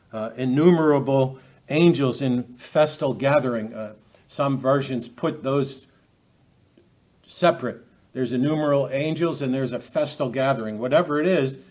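A man preaching a verse-by-verse sermon at a middling pitch. He speaks off the cuff, often restarting phrases and asking his listeners rhetorical questions. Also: normal speed, darkish tone. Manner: unscripted, many restarts, asks the audience rhetorical questions. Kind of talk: expository sermon.

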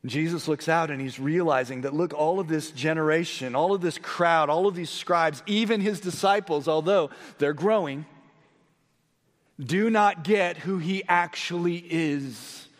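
A man preaching a sermon as pastor, moving between hushed, low storytelling and raised, excited emphasis. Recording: long hall reverb.

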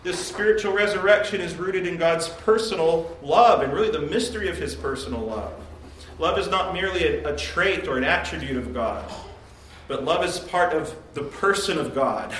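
Male pastor, emphatic devotional preaching, slightly high-pitched, recorded far off in a reverberant room. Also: animated, normal speed, fairly bright tone, slight background noise. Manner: earnest, emphatic preaching with rhetorical questions. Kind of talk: devotional sermon.

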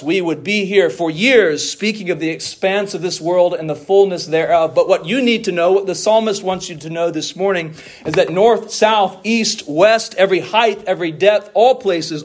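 Man preaching a slow emphatic sermon. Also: high-pitched. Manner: measured, emphatic preaching with slow stressed phrases. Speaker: pastor.

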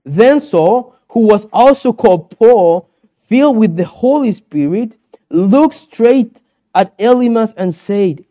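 A man's voice: high voice, animated, slow pace, dark tone. A man from South America, a pastor preaching a sermon in earnest, repeated phrases, with a young daughter.

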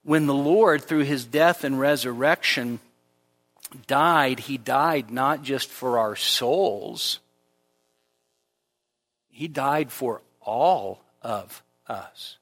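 Guy preaching slow to a church crowd, gets loud and high on his points then chatty and jokey. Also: long reverb tail. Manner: emphatic, climbs sharply in pitch when stressing a point; conversational asides and light humor with the congregation. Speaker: pastor. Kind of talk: expository sermon. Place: church service before a congregation.

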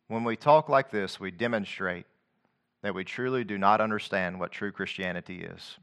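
At a moderate pace and with a smooth delivery, this preacher recites scripture in rhythmic cadence. His sermon alternates between soft, low sections and loud, rising proclamation.

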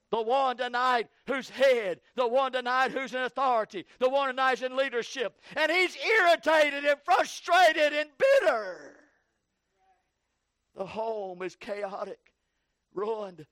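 With no echo, an unhurried man leads an evening sermon using repeated call-and-response patterns, dropping to hushed low phrases before rising to shouts.

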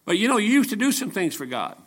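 A man's voice: high voice, very animated, quick pace, breathy edge. A man of seventy preaching a folksy, joking sermon full of personal stories. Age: 70s. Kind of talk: storytelling sermon.

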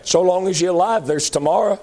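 A man preaching a sermon, moving between loud high-pitched calls and low pleading appeals. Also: brisk.

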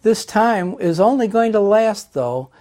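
A man preaching a sermon, teaching slowly and deliberately through Bible passages. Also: sits high, expressive, dark tone. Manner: slow, deliberate Bible teaching with scripture readings.

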